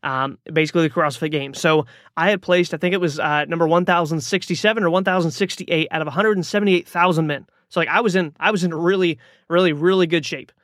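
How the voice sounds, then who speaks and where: Casual, slightly high-voiced male podcast host. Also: steady tone, fast talker, a bit bright, dry recording, clean studio sound. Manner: casual, rambling, with frequent fillers and restarts. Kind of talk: motivational storytelling monologue.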